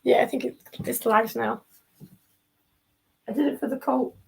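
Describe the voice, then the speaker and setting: A woman's voice: a little high, fairly even intonation, normal speed, creaky, noisy background. A woman chatting casually on a live stream. She rambles, jokes and gets easily sidetracked.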